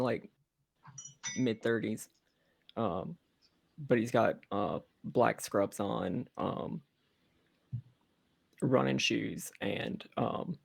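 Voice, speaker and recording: A man playing a tabletop game who describes his character haltingly, with lots of fillers. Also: lowish voice, gravelly, slightly rough. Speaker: player.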